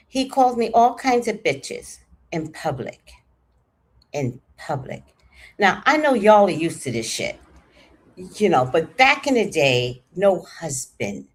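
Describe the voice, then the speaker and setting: A woman telling a personal story in a casual, animated way, acting out what people said. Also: on the low side, husky. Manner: animated, acts out quoted voices.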